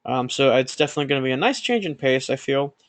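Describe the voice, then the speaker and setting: A man co-hosting a podcast in casual chat, joking crudely and pausing on fillers. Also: mid-range voice, expressive, a bit bright. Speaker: podcast co-host.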